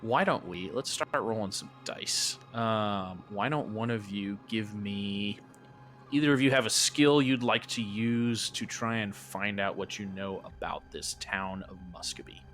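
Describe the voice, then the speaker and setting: Rambling low-voiced male game master. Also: measured pace, fairly bright tone, faint music behind. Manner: loose and rambling, with many fillers and restarts. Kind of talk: narrating a tabletop game.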